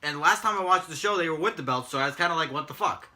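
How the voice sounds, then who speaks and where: A man with a very bright, slightly high-pitched voice rants on a casual talk show. He sounds exasperated and mocking, and he swears freely. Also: rapid-fire. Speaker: podcast co-host recapping wrestling. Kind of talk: casual profane rant.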